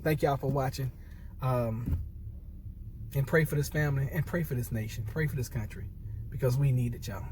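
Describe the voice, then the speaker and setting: A man's voice: mid-range voice, normal speed, long pauses, recorded from a distance, noisy background. An upset man, a military veteran, speaking earnestly to viewers, repeating himself and restarting phrases as he holds back tears. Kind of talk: impassioned personal commentary to camera.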